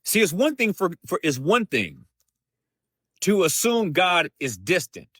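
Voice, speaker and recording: Man leading a bible study, slow deliberate talk, bright voice, dry close sound. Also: sits high, sing-song, slightly rough, no room sound. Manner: slow, deliberate, pausing to restate himself. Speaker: host of a Bible study show.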